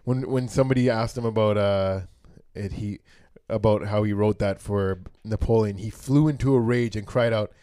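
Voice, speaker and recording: A man's voice: on the low side, moderate pace, few pauses, mellow, clean tone, no echo, studio quality. A young man co-hosting a casual comedy podcast, reading history facts aloud with fillers and casual swearing. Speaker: podcast co-host.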